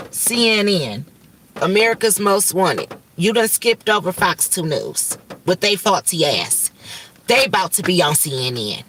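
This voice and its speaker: A woman's voice: mid-range voice, a bit bright, far from the mic, a little hiss or hum. A woman from Michigan, hosting a livestream and declaring her spiritual visions in urgent, profane, repetitive bursts. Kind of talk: rambling prophetic livestream talk.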